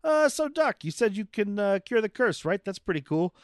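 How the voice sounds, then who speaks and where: A man doing a breathless, squeaky action hero whose voice leaps high above his normal talk. He is eager and over-the-top, and every line comes out pushed and excited. The sound is close and dry. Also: moderate pace, no room sound.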